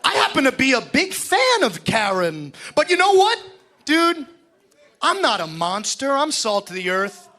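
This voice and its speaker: Shouting, taunting young man in an arena. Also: very high-pitched, very animated, a little slow. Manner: taunting, shouting, mocking insults. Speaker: pro wrestler cutting a promo. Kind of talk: arena wrestling promo. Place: large indoor arena.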